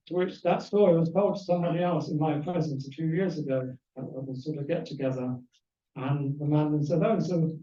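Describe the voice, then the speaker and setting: A man's voice: fairly high pitch, normal speed, warm tone. An older man giving a talk on philosophy to a club, digressing into anecdotes about old philosophers. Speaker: guest speaker. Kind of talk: lecture with anecdotes. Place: club meeting room. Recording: roomy hall, far from the mic, dull.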